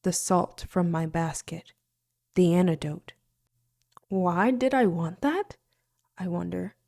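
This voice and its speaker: A woman narrates a first-person fantasy novel with a slightly low voice. She reads expressively, with her volume rising and then falling nearly to a whisper. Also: takes it slowly, gravelly, a little mellow. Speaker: audiobook narrator.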